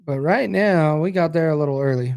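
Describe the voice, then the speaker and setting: A tired American man with a fairly high-pitched voice chats loosely on his podcast. He rambles, trails off and reacts aloud as he reads comments. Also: a little fast, creaky, darkish tone. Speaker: podcast host. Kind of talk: casual live-stream chat reading viewer comments.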